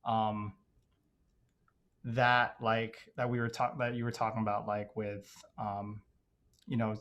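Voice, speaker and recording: A man's voice: lowish voice, little pitch movement, slow pace, fairly bright tone, muffled recording. A young man raised in Dubai, guest on a casual podcast interview, talking in a hesitant, reflective way full of fillers. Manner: hesitant, reflective, heavy use of "like" and "you know".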